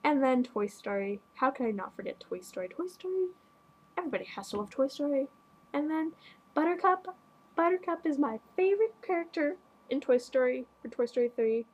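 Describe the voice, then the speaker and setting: A teenage girl hosting a casual podcast, bubbly and gushing with quick asides. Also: high-pitched, expressive, a little mellow, poor audio. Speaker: podcast host. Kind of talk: casual chat.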